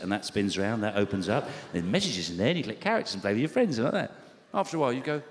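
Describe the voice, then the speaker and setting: A man in his forties from England doing a stand-up routine, with sardonic, deadpan storytelling and mock outrage. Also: medium pitch, quick pace. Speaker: stand-up comedian. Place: large theatre stage before a live audience. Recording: long hall reverb, loud audience noise.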